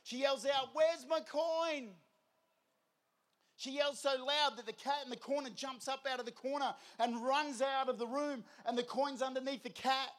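High-voiced preacher. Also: male voice, brisk, hardly any pauses. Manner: lively storytelling with crowd prompts. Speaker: youth preacher. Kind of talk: energetic festival sermon.

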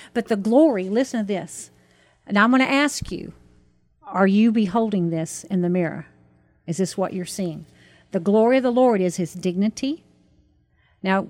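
A woman's voice: on the high side, a little mellow, dry recording. Woman preaching a sermon, earnest, pushes up on big words, dry sound. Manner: earnest, preacherly, rising emphasis on key words. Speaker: minister. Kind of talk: teaching sermon.

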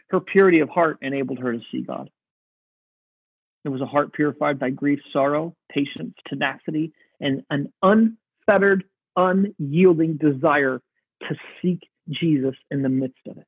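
A pastor preaching a sermon in an earnest, reflective way, slowing down to stress key words. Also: male voice, a little high, husky, dry recording. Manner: earnest, reflective, slows for emphasis. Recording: dry, phone-like narrow sound.

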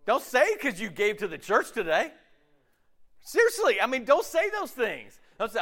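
A man preaching a sermon in an animated, conversational way, acting out voices as he talks. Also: very high-pitched, normal speed. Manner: animated, acts out quoted voices, swings loud and quiet.

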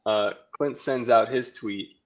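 Man, medium pitch, podcast guest, casual banter, irreverent jokes. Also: steady tone, slow, dull audio. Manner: joking, irreverent.

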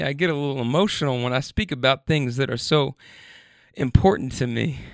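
A man's voice: fairly high pitch, no room sound, studio quality. A man hosting a late-night rambling monologue, loose and laughing, repeating himself and getting sentimental, a bit tipsy. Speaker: podcast host. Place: studio.

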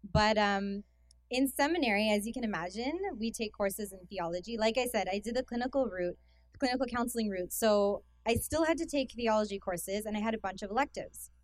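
In a hall with an audience, a young woman with a Canadian accent gives a casual guest talk at a youth conference. She speaks fairly quickly in a mid-range voice, chatty and self-deprecating and full of fillers, and the recording is dry.

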